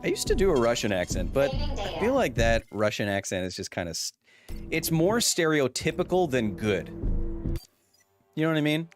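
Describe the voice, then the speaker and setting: Uno streamer maschile che commenta in diretta una partita, scherzoso e chiacchierone, con un'intonazione molto animata. Sotto la voce si sentono chiaramente musica e suoni del gioco. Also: male voice, a little high, normal speed. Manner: jokey, excitable, chatty. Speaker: streamer and host. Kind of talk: live gameplay commentary. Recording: stream music playing underneath.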